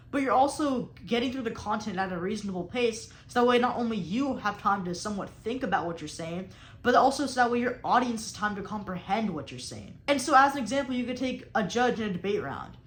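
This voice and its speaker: A young woman coaching debate gives an instructional talk on speaking technique in a mid-range voice with lively intonation, speaking a little fast. She purposely emphasizes key words and deliberately varies her tone, explaining emphatically, in a roomy-sounding space.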